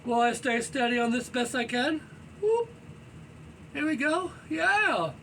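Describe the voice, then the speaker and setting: Loud high-voiced man, far from mic. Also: measured pace, creaky. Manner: loud, energetic and rambling, with many "you know"s; moves around while talking. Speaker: fitness vlogger. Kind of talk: casual motivational talk while stretching. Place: indoors at home, low ceiling. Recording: voice far from the mic with faint noise.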